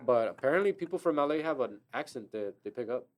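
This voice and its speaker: A man's voice: mid-range voice, expressive, fast. A man from Los Angeles hosting a podcast, chatting casually and telling profane stories full of quoted asides. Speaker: podcast host. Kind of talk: casual chat.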